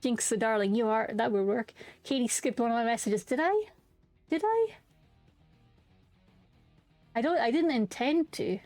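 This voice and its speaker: A woman's voice: fairly high pitch, brisk, darkish tone, dry recording, soft background music. Bubbly young woman streamer, dry mic. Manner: bubbly, hums and sings filler tunes. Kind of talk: casual live-stream chat.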